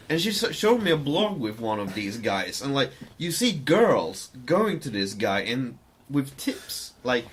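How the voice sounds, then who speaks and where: A man's voice: medium pitch, big pitch swings, measured pace, husky. A man co-hosting a podcast in casual chat, profane and rambling, with hesitant fillers. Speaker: podcast co-host.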